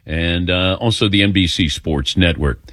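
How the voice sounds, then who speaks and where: A man hosting a sports radio show, running through the lineup in a relaxed, conversational way. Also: deep voice, moderate pace, no echo, studio quality. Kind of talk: casual sports radio talk.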